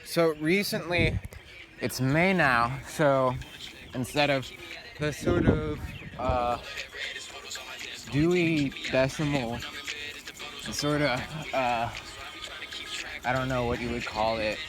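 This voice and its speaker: A man's voice: mid-range voice, slow pace, pauses often. A man vlogging outdoors as he walks uphill before dawn. He rambles through a casual monologue, swearing and filling his talk with ums and likes. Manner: meandering, swears a lot, full of fillers. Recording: music playing under the voice.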